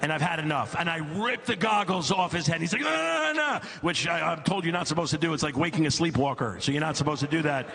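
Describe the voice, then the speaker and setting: A man's voice: quick pace, few pauses. A middle-aged man doing stand-up comedy on stage, telling a long story with repeated phrases and mounting exasperation. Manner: animated storyteller, repeats phrases for comic effect, climbs high when exasperated. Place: comedy stage before a live audience.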